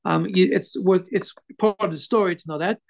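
A man giving an informal religious class, telling a story in a halting way with many fillers and restarts. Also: high-pitched, gravelly. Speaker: Torah teacher telling a story.

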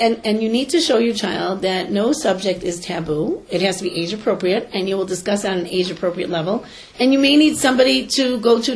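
A middle-aged woman and teacher giving earnest parenting advice in an animated conversational manner. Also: medium pitch, rough recording. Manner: earnest and animated, acts out quoted voices.

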